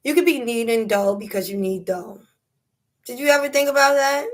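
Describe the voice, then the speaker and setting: A young woman with a New York accent chatting casually on a phone livestream, laughing often and dropping slang. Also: a little high. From New York City. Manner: unhurried, drawn-out talk with frequent laughter and slang. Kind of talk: casual live stream chat.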